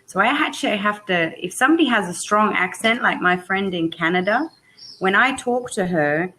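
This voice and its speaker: A talkative woman whose British accent drifts toward Australian and South African vowels. She speaks in a casual, animated storytelling way and laughs easily. The sound is that of a simple video-call microphone. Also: medium pitch, normal speed, slight background noise, low-quality recording. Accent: British blended with Australian and South African. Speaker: English tutor. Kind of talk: casual chat.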